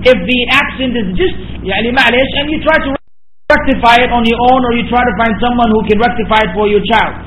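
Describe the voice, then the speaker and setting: A man's voice: extremely high pitch, fast, fairly bright tone, reverberant, a little hiss or hum, poor audio. A man, a religious scholar, answering listeners' questions with earnest explanations and worked examples.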